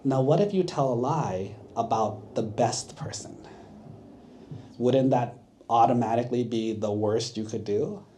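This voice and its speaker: Monk, sermon for kids, mellow voice, keeps quizzing the audience. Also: male voice, medium pitch, measured pace, slight background noise. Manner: asks the audience questions, checks with 'right?'. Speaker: monk teaching children. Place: temple.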